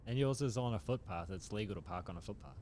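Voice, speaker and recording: A man's voice: lowish voice, quick pace, darkish tone. A man, chatting laid-back and giggly as a podcast co-host who brings up news items. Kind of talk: casual chat.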